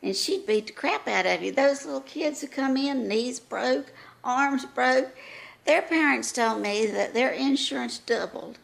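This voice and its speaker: A woman acts out an elderly schoolteacher, long retired, who rambles through folksy stories in a high, gravelly voice. She takes her time with every word, drawling along at an unhurried pace. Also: heavily acted. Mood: rambling reminiscing. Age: older. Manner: rambling, folksy, gossipy storytelling. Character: elderly female retired first-grade teacher, frazzled and rambling.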